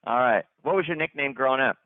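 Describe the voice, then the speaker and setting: A man hosts an upbeat company call, hyped and looping back over his own phrases. His voice sits at an ordinary pitch. It comes through a thin, dry phone line. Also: quick pace, no room sound. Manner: hyped, repetitive, stumbling restarts. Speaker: company leader hosting a conference call. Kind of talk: upbeat conference call shout-outs.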